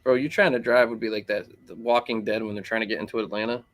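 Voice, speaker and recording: Man, low-pitched voice, rambling casual sports talk, lots of filler words. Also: fairly even intonation, fast. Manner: rambling, peppered with "like" and "bro". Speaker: podcast co-host.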